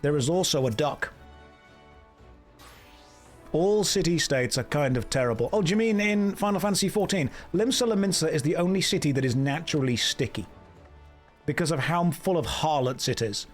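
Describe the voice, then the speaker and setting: A British man streaming a game, bantering with chat in a sarcastic, deadpan way. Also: a little high, moderate pace, faint music behind. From Britain. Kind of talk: casual livestream commentary.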